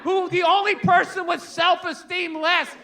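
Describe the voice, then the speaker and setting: A man doing profane stand-up storytelling, shouting exasperated punchlines over a laughing live crowd. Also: extremely high pitch, little pitch movement, normal speed. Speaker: stand-up comedian. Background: audience laughing.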